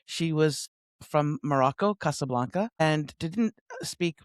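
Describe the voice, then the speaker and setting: A woman in her sixties, a coach telling stories as an interview guest on a remote call, lively and laughing often. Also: sits low, slow pace, no room sound, studio quality. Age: 60s. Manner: lively, animated storyteller with frequent laughs. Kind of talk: conversational interview storytelling. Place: home near Sydney, remote call.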